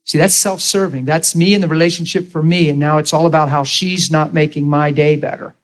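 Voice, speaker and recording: A middle-aged man preaching with emphatic, storytelling energy. His voice sits a little higher than most men's. He calls on his listeners for an answer as he drives his point home. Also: steady tone, a little fast, poor audio. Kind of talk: sermon.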